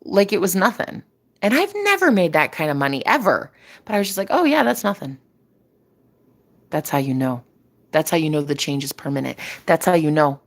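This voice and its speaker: A woman's voice: low-pitched, very animated, a little fast. A woman giving a casual spiritual reading, emphatic and preachy, repeating phrases for effect and swearing casually. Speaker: spiritual reader. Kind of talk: casual spiritual vlog talk.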